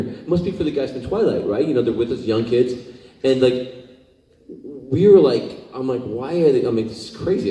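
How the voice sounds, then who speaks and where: A man telling stories as a convention panel guest, lively and laughing often as he acts out what people said. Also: mid-range voice. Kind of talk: anecdotal storytelling on stage. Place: large convention hall. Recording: echoey hall, mic far off.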